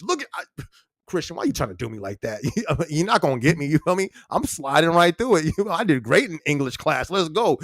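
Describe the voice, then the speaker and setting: Young male live-stream host, high-ish voice, loose slangy chatter, frequent laughs, dry booth sound. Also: sing-song, moderate pace, no room sound. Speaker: podcast host. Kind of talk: casual live-stream chat.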